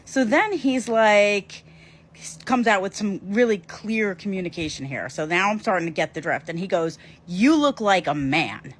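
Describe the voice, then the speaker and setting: A woman with a voice of ordinary pitch tells a personal story in a casual vlog. She keeps it lively and emphatic and drops in quick asides to her viewers.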